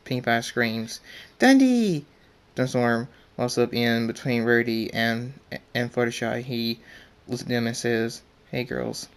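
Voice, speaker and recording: A man's voice: medium pitch, completely flat delivery, moderate pace, a bit bright, clear, resonant tone. A young man casually reading his own story aloud, stumbling and restarting often.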